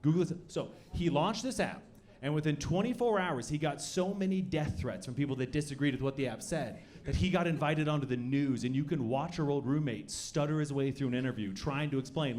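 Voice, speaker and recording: A young man doing a stand-up comedy set, with deadpan delivery that breaks into loud shouted bits. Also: on the high side, fairly quick. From Colorado. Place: comedy club stage. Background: audience laughter.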